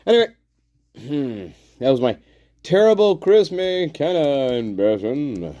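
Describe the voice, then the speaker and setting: A man's voice: medium pitch, sing-song, takes it slowly, dark tone, lo-fi sound. Sarcastic, laughing livestream man. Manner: sarcastic, profane, laughing often, mocking. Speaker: livestream host. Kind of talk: casual livestream chat.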